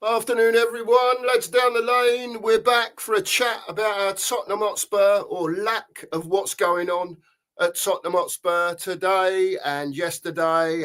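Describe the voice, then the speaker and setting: A man's voice: sits high, a bit bright. A man hosting a casual football chat, ranting angrily and swearing. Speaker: podcast host.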